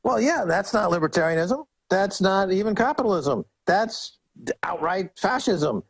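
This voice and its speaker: A man appearing as a guest on a radio talk show, ranting indignantly and mockingly with big swings in pitch. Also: animated, moderate pace, breathy edge, no echo, poor audio. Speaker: guest commentator.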